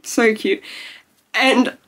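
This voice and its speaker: A woman's voice: fairly high pitch, fairly even intonation, extremely slow, fairly bright tone. A young woman vlogging to camera in a gushing, emotional way, peppered with "like", close to tears. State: tearful. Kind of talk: casual talking-to-camera vlog.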